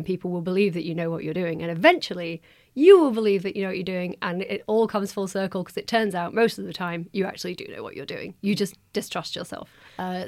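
Woman in her 30s chatting on a podcast, animated storyteller, laughs a lot, dead dry mic sound. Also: fairly low pitch, vocal fry, no room sound. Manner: lively storyteller, quick to laugh. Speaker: podcast guest, novelist. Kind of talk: casual chat.

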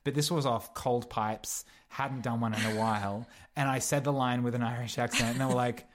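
A man's voice: medium pitch, fairly even intonation, normal speed, a little hiss or hum. A young man, an actor guest on a podcast, chatting casually and meandering through his thoughts with lots of fillers and restarts. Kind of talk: casual chat.

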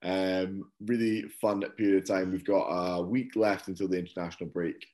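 A man co-hosting a football podcast, chatting in a relaxed, rambling way with lots of fillers. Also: low-pitched, normal speed. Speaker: podcast co-host. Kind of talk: casual chat.

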